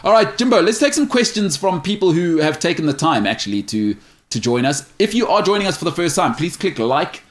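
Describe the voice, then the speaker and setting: A man's voice: fairly high pitch, very animated, fairly quick. A man hosting a sports talk show, chatting casually and jokingly as he reads out viewer questions and gives firm opinions. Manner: opinionated, joking, stumbles over names.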